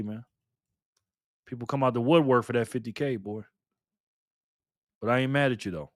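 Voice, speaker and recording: A man's voice: medium pitch, dry recording, studio quality. An older man hosting a live stream in a casual, chatty way, thanking viewers by name and swearing now and then.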